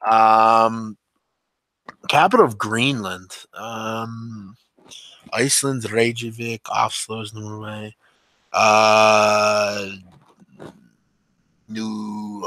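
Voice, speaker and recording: A man hosting a podcast talks extremely slowly to his live-stream viewers, leaving long pauses as he rambles hesitantly through ums and restarts. His voice is low-side, pushed and bright, with fairly even intonation and no room sound.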